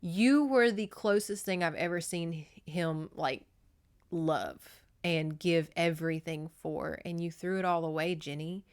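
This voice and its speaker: A woman's voice: lowish voice, a little slow, clean tone. A woman doing a blunt, knowing female friend.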